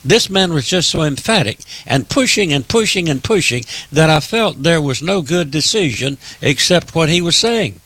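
A man's voice: a little high, expressive, normal speed, few pauses, a bit bright, slightly rough, dry recording. A man delivering preaching political commentary, emphatic and repetitive, addressing his listeners as in a sermon.

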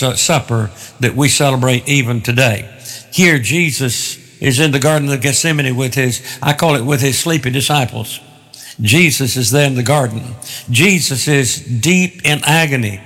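A man preaching an expository sermon, deliberate and emphatic, repeating phrases to drive points home. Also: medium pitch, fairly bright tone. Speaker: pastor.

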